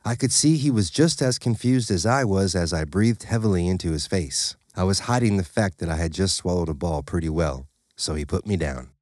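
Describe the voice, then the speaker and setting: A man's voice: low voice, a little fast, hardly any pauses, a little mellow, no room sound, studio quality. A man narrating a story in the first person, in a plain, matter-of-fact way. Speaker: audiobook narrator.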